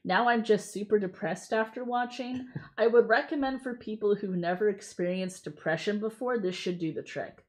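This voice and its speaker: A woman's voice: mid-range voice, normal speed. An American woman co-hosting a casual live stream, reading film reviews aloud between bursts of laughter. Her talk is loose and chatty, full of asides and filler. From United States. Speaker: co-host.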